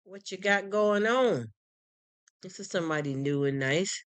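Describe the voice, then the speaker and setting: A live streamer in casual chat who talks in a warm, rambling, heartfelt way with many restarts. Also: mid-range voice, unhurried, smooth, dry recording. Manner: greets chat viewers by name and thanks them. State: choked up, near tears.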